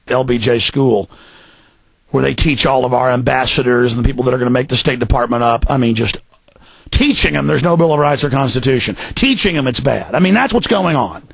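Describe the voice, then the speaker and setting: A man's voice: mid-range voice, vocal fry, slightly rough, no room sound. A man hosting a talk radio show, ranting in fury, often mocking the people he attacks in put-on voices. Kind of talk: angry political radio rant.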